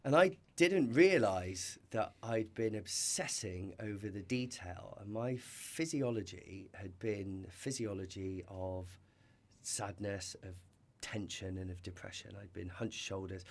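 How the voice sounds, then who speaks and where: A British podcast guest tells stories in a conversational interview, his voice lowish and his pace measured. He sounds earnest and reflective, with many restarts and frequent "you know."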